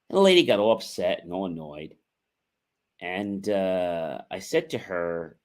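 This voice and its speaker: A man hosting a motivational livestream, talking earnestly and repeating himself, with frequent fillers and asides to "ladies and gentlemen". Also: deep voice, lively intonation. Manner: measured delivery with frequent fillers. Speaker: host.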